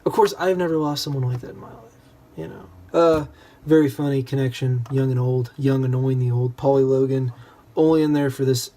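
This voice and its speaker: A man's voice: mid-range voice, steady tone, a little fast, mellow, a little hiss or hum. A young man in a casual, rambling book discussion, full of self-deprecating asides. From United States.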